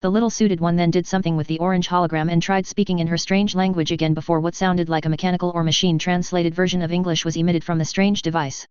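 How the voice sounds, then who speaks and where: A narrator reading a science fiction story in an even, steady way. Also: mid-range voice, fast, few pauses, clean tone, no room sound, muffled recording.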